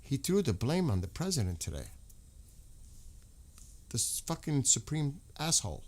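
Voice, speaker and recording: A man's voice: medium pitch, sing-song, a little slow, darkish tone. An American man hosting a livestream, talking in a heated, repetitive way and swearing often. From United States. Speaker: livestream host. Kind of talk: casual livestream talk.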